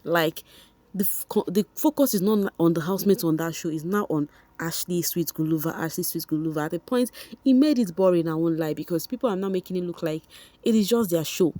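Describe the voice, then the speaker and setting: A woman's voice: lowish voice, brisk, dark tone, no echo. A young woman with a Nigerian accent, chatting directly to her viewers in a casual gossip commentary, repeating points for emphasis. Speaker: vlogger.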